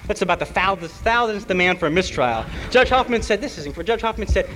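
A man who is on trial tells a university audience a mocking, animated story, full of fillers and impersonations. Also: sits high, fast talker, hardly any pauses, long reverb tail, a little hiss or hum, low-quality recording. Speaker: trial defendant addressing students. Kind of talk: animated public speech.

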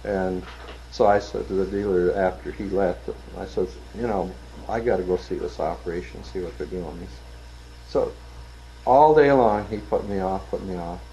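A man's voice: low-pitched, moderate pace, dark tone, lo-fi sound, a little hiss or hum. An older man casually telling work anecdotes, acting out the people he quotes and laughing at his own punchlines. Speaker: interviewee telling stories. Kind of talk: casual storytelling.

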